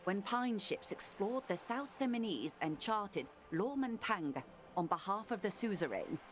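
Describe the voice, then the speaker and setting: An actress voicing a composed, middle-aged corporate negotiator in a video game, speaking in a measured, formal, articulate way. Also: female voice, medium pitch, animated, slight background noise, natural voice. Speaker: game character.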